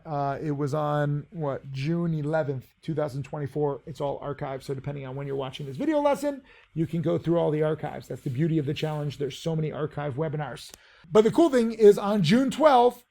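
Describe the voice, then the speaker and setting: A man's voice: sits high, gravelly, warm tone. A man giving a casual video lesson on trading, brash, boastful and blunt. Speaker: trading teacher.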